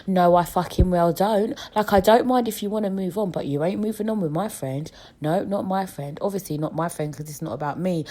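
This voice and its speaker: A woman's voice: lowish voice, warm tone. A young British woman hosting a solo podcast, talking frankly and chattily with plenty of swearing while she has a cold. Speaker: podcast host. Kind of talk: casual solo podcast chat.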